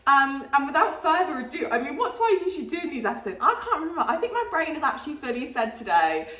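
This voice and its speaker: A woman's voice: high-pitched, sing-song, quick pace, fairly bright tone, echoey room. A young woman vlogging her travels, chatty and giggly, rambling between asides and upbeat narration. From Britain. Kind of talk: casual vlog chat and scripted travel narration.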